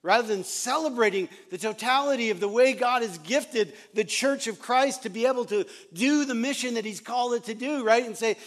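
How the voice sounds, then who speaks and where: A man's voice: very high-pitched, brisk, hardly any pauses. A male pastor giving a sermon in an emphatic, repetitive way, often chuckling.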